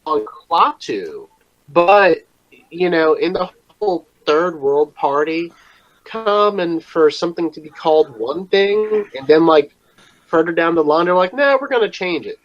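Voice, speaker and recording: A man's voice: a little high, expressive, unhurried, no room sound. A man co-hosting a podcast in casual chat, rambling, self-deprecating and trailing off mid-thought. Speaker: podcast co-host. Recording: dull, dry lo-fi mic.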